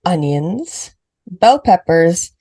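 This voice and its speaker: A woman from Puerto Rico co-hosting a casual true-crime podcast, chatty and animated, often breaking into laughter. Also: lowish voice. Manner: animated, laughing, quick asides. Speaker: podcast co-host. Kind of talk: casual chat.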